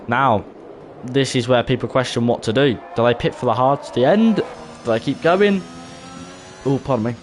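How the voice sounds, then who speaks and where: A man giving chatty, excitable live commentary on an esports racing stream. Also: mid-range voice, moderate pace, faint music behind. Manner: chatty, excitable, talks to chat.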